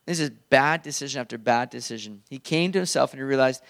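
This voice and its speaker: A man's voice: mid-range voice, fast, gravelly, a bit bright. A male pastor preaching a sermon in an earnest, conversational way.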